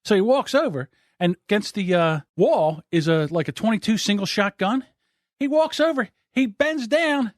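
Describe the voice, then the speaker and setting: A man hosting a podcast, telling a rambling story in a lively, laughing way. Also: sits high, a little slow, dry recording, clean studio sound. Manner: animated, laughing, repeats himself. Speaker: podcast host. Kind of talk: casual storytelling.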